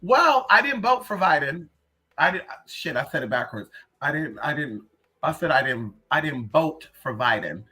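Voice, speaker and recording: A livestream host and spiritual reader chatting casually, sassy and profane, greeting viewers by name and telling animated stories full of "girl" and "honey". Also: mid-range voice, normal speed.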